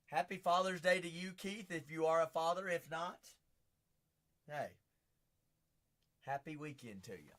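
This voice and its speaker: A man hosting a live-streamed card break, chatting with viewers by name, teasing them, and breaking into hype shouts as he talks through teams while standing. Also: fairly high pitch, measured pace, long pauses. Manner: hype-driven, bursts into shouts. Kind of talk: live-stream auction patter.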